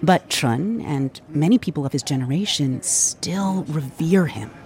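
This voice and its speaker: A woman radio news host narrating a report and interviewing people, in a lively, conversational way. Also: low-pitched, unhurried, a little hiss or hum.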